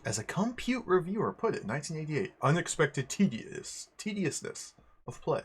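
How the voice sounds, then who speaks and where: A man's voice: on the high side, very animated, normal speed, breathy edge. A young man hosting a livestream, chatting casually, greeting viewers one by one and often rambling and correcting himself. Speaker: livestream host.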